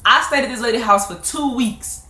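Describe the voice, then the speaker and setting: A woman in her twenties telling a personal story to her viewers in a casual, animated way, laughing often. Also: fairly high pitch, normal speed. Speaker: vlogger. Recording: roomy echo.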